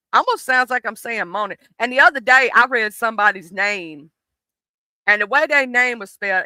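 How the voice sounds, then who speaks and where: With a clear, resonant, medium-pitched voice at a moderate pace, a southern US streamer in their late thirties swears freely while chatting animatedly with a live audience and addressing the chat directly. The audio is poor, though without echo.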